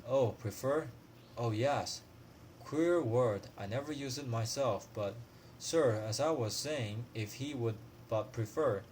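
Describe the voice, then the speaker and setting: A man's voice: mid-range voice, slow, darkish tone, a little hiss or hum, lightly acted. Guy reading a polite old clerk, bland and deferential, story read aloud. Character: deferential older male law clerk.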